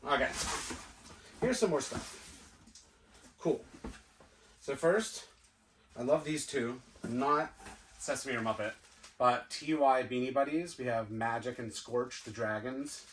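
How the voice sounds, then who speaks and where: Sorting through boxes of toys, a vlogger who collects them talks casually to himself in a slow, reflective way. He has a mid-range, fairly bright voice; the mic sits at a distance in an echoey, cluttered room with slight background noise.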